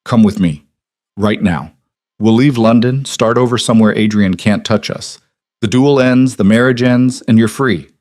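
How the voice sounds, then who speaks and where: A man's voice: medium pitch, moderate pace, a little mellow, dry recording, studio quality, natural voice. A man voicing a bitter, desperate young nobleman in an audiobook romance, hollow and proud.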